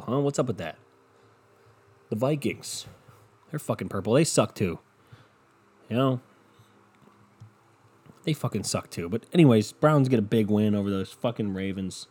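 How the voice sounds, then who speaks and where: A man's voice: mid-range voice, mellow. A young man hosting a podcast, ranting casually and sarcastically about football with lots of swearing. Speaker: podcast host. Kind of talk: casual sports rant.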